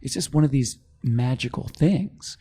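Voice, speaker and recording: A middle-aged man, a company founder, telling his story in a podcast interview, animated and quick to act out what others said. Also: medium pitch, slightly rough. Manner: animated storyteller, acts out quoted voices.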